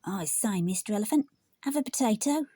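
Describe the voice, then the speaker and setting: A bunch of rude little storybook piglets, taunting and jeering in a slightly raised, mellow voice, as a woman reader puts them on. The sound is dry and close, with a soft breathy edge. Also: medium pitch, lively intonation, a little fast, no room sound, voice pushed up. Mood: teasing.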